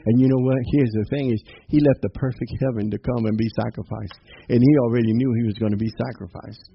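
This preacher's sermon is informal and upbeat, sprinkled with scripture, laughter, and amens. He talks fast in a mid-range voice with fairly even intonation and vocal fry, on a slightly dull lo-fi recording with faint noise.

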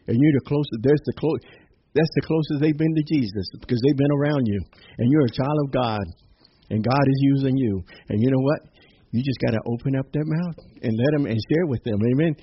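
A man's voice: mid-range voice, fairly quick, lo-fi sound, a little hiss or hum. A man preaching an informal, exuberant sermon, peppering his talk with amens and little laughs.

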